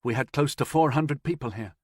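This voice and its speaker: A man voicing a fierce, commanding woman leader who shouts high and shrill. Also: a little fast, slightly rough, dry recording, clean studio sound, natural voice. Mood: firm.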